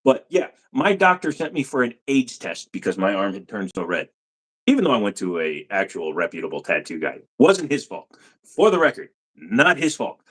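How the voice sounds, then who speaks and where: A man chats loosely on his home livestream, talking straight to his viewers at the computer. His pitch swings widely as he jokes around. He keeps slipping into goofy put-on accents. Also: sing-song, moderate pace, fairly bright tone. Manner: playful, slips into silly put-on accents. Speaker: livestream host answering chat questions. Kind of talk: casual livestream chat.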